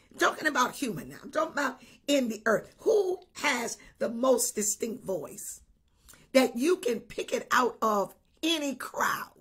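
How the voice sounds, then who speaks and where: Husky breathy lady bishop preaching online, kinda high voice, keeps repeating herself emphatic. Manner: repetitive, emphatic preaching with frequent hallelujahs. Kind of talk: livestream sermon, greeting viewers by name.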